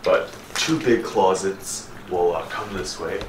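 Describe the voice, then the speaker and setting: A young man in his twenties, a fitness vlogger, walks through his apartment chatting casually and upbeat. His low voice moves slowly, and the audio is roomy with a noisy background.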